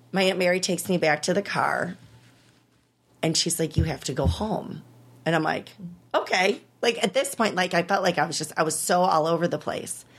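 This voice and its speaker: A woman in her thirties, an interview guest, telling a personal story candidly and with emotion, laughing at times. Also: lowish voice.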